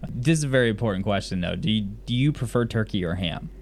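Low-voiced man podcast co-host. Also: expressive, quick pace, slight background noise. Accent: lost Southern US accent, mostly general American. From Mississippi, US South. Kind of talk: casual chat recapping a TV episode.

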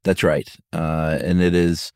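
A man co-hosting a podcast in casual chat, relaxed and quick to laugh. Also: low-pitched, clear, resonant tone, no room sound, studio quality. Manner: relaxed, laughs easily, sings goofy jingles. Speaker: podcast co-host.

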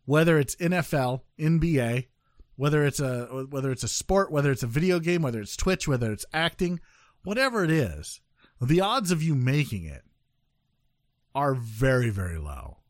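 A man's voice: mid-range voice, very animated, moderate pace, dry recording, studio quality. A man hosting a casual news podcast, joking and rambling with many fillers and restarts. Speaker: podcast host.

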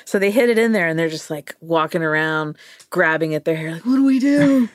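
A woman's voice: sits low, a little fast, clear, resonant tone. A woman co-hosting a podcast, telling a story in a playful, casual way, laughing often and acting out quoted voices. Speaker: podcast co-host.

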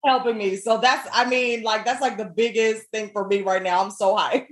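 A lively woman chats as a podcast guest, her fairly high voice bouncing between laughs and acted-out quotes. The sound is roomy, with a clear echo around her. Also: moderate pace. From New Jersey, USA. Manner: animated storyteller, laughs often, acts out quotes. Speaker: guest, comic actor. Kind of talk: casual podcast chat.

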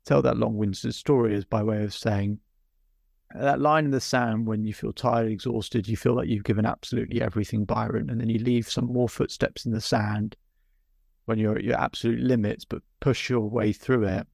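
A man's voice: fairly low pitch, fairly even intonation, normal speed, creaky, a little mellow, no room sound, clean studio sound. A man hosting a podcast interview who speaks reflectively and tells a story, sometimes restarting his sentences. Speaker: podcast host.

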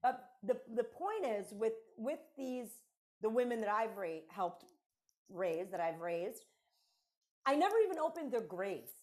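A woman's voice: fairly high pitch, lively intonation, unhurried, darkish tone. A middle-aged woman talking as a podcast guest and mentor, in an emphatic, conversational way that repeats key phrases.

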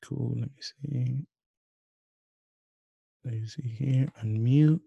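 A young man hosting a podcast over a video call, chatting casually and acting out quotes in a louder voice. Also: mid-range voice, takes it slowly, creaky, breathy edge, no echo, dull audio. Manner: animated, acts out quotes in a raised voice. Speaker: podcast host. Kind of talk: casual interview chat.

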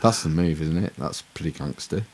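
A man's voice: rumbling low, moderate pace, darkish tone, husky. A man telling a rambling, sweary story as a podcast co-host. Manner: rambling, swears freely, self-mocking. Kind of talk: casual storytelling chat.

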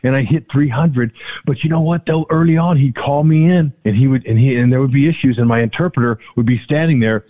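An older man tells a long story as a podcast guest, full of energy and acting out every quoted line with sudden leaps in pitch. His voice sits at an ordinary middle pitch. The sound is thin and tinny, like a phone line. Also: brisk. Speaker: podcast guest, former ballplayer. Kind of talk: storytelling in a casual interview.

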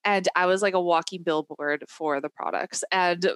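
A woman's voice: lowish voice, fairly even intonation, normal speed, clean tone, dry recording. A woman who coaches online marketers, talking as a guest on a podcast in an enthusiastic, chatty way. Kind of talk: casual interview chat.

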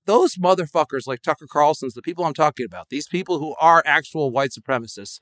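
A man in his fifties from Connecticut, a comedian guest ranting profanely in casual podcast chat and mocking people in loud, high put-on voices. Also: lively intonation, quick pace, no room sound, clean studio sound. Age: 50s.

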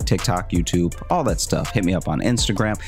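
A man co-hosting a comedy podcast, making his points in a measured, halting way. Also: sits low, soft background music. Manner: measured, halting, lots of restarts. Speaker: podcast co-host. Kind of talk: casual comedic debate.

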